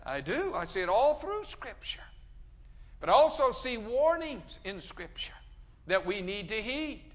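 A man preaching a sermon, emphatic, pushing his voice up loud and dropping it low. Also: very animated, measured pace. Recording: dull sound with long hall reverb.

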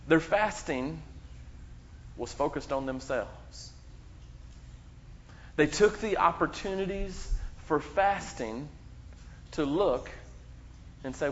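A man pastor delivering a sermon, preaching emphatically with dramatic pauses and quoting scripture. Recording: muffled low-fidelity sound.

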